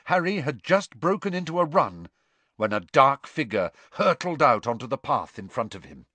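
A man narrating an audiobook in an expressive, dramatic reading that rises with the action. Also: mid-range voice, normal speed, dry recording.

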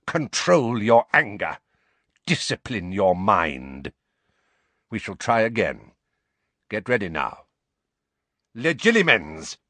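A man's voice: fairly low pitch, very animated, slow, pauses often, pushed and bright, dry recording, exaggerated voice. A man doing a cold, scornful stern teacher. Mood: commanding.

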